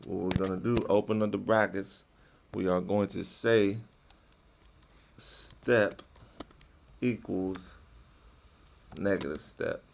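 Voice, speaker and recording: A man with a lowish, gravelly voice walks through code one step at a time in an unhurried, very slow delivery. He keeps it casual and encouraging, talking to his viewers as if they were sitting beside him. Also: slight background noise. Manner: dictates code step by step, relaxed and encouraging, says "y'all". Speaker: coding tutorial host. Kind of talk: casual screen-recorded coding walkthrough.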